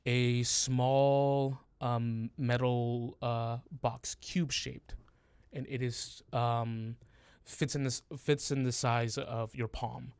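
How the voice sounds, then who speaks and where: A man narrating a tabletop role-playing game as game master, speaking very slowly and hesitantly. His voice is mid-pitched and recorded close and dry, with no room sound. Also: flat delivery, darkish tone, clear, resonant tone, dry recording. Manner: hesitant, many fillers and restarts.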